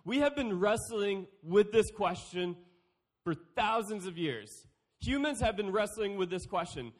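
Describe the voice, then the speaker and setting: A young man delivering a youth sermon with a higher-pitched voice. He keeps it playful, cracking jokes and acting out little quoted exchanges. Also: expressive, measured pace. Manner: playful, joking, acts out quotes. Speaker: youth speaker.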